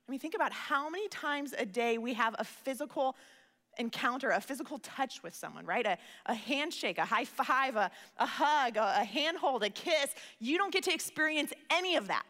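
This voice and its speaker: High, bright-voiced woman preaching in a hall. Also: lively intonation, normal speed. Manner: earnest, conversational, repeats words when starting phrases. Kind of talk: sermon. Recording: reverberant hall.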